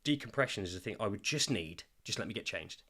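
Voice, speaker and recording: A man's voice: lowish voice, animated, fast talker, bright, forceful tone, slightly rough. A man, a father co-hosting a podcast, telling his story openly and emotionally with some swearing. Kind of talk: candid podcast chat.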